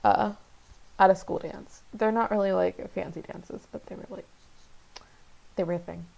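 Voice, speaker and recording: A young woman hosting a let's play, talking candidly and haltingly with many fillers and some swearing. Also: mid-range voice, steady tone, gravelly, darkish tone, slight background noise. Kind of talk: casual game commentary.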